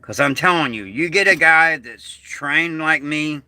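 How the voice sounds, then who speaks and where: Slow, agitated American man with bright tone. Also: on the high side, dry recording. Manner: agitated, slow and halting, trailing off. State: upset, struggling with anger. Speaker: vlogger. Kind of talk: emotional vlog monologue.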